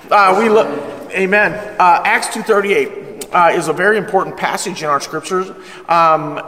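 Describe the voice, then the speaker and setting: High-voiced pastor preaching in an echoey hall. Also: male voice. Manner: call-and-response with congregation; energetic, emphatic preaching. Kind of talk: sermon, Bible study teaching. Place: church hall with live congregation. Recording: echoey hall with long reverb.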